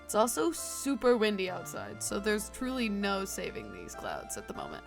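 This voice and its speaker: A woman streaming a game, chatting casually with quick self-deprecating asides. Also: medium pitch, very animated, vocal fry. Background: game music.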